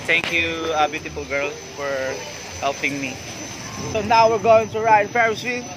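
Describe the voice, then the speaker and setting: A man with a Filipino accent vlogging in broken English, joking and excitable, mixing in Tagalog slips. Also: a little high, normal speed, noisy background. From Philippines. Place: outdoor amusement fair. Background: loud music.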